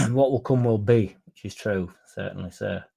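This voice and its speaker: A man's voice: on the low side, measured pace, gravelly, a bit bright, breathy edge. A man hosting a casual football fan livestream, reading chat comments and rambling with frequent swearing. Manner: swears freely, rambles, mocks critics in a raised put-on voice. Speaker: fan channel host reading live chat.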